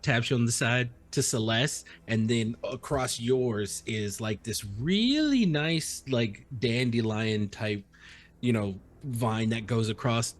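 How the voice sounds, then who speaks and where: Animated man playing a tabletop game. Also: mid-range voice. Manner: animated, playful describer. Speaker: player.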